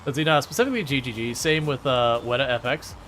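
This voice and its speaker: A man's voice: medium pitch, quick pace, fairly bright tone, faint music behind. A man chatting casually with his live-stream viewers while he plays a farming game, joking, laughing often and restarting his sentences. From Michigan, United States. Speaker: gaming streamer.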